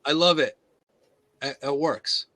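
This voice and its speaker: A man's voice: fairly high pitch, slow pace, bright, forceful tone. A man hosting a casual live-stream chat, talking in a put-on British accent and telling silly stories. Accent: fake British accent. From United States. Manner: playful storyteller, slips into put-on voices. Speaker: host.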